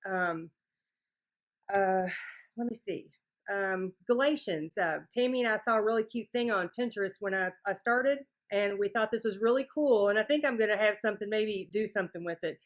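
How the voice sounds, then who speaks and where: A woman guest speaker giving an energetic, faith-filled pep talk to a support group over a video call. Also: mid-range voice, normal speed.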